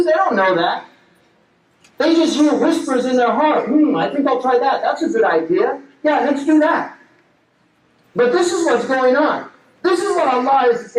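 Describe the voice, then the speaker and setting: Fervent male preacher, high voice, heard at a distance in a roomy space. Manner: impassioned, rhetorical questions. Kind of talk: sermon. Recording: roomy echo, distant mic.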